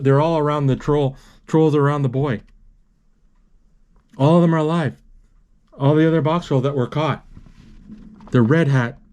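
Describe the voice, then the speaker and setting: Casual male narrator describing a movie live, stop-start, correcting himself, bursts of excitement. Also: mid-range voice. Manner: halting, self-correcting, excited exclamations.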